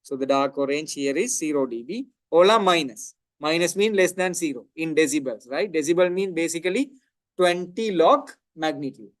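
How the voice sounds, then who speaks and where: Guy teaching a tech class, fairly high voice, dry close sound, keeps asking "right?". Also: lively intonation, normal speed, no echo. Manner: explanatory, repeats "right?" to check understanding. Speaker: lecturer. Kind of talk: technical lecture.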